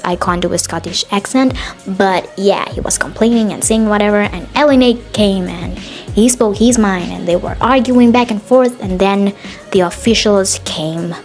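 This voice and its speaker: A woman hosting a podcast, recapping a show in a casual, opinionated way, often pausing on "uh" and "um". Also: mid-range voice, a little mellow, faint music behind. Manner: chatty and opinionated, with frequent "uh" and "um". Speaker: podcast host.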